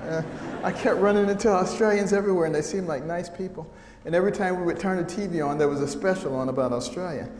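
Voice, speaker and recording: A middle-aged American man giving a storytelling talk to an audience, humorous and animated, often acting out the voices of the people he quotes. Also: high voice, fast talker, hardly any pauses. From United States. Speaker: speaker giving a testimony talk. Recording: echoey hall sound with faint noise.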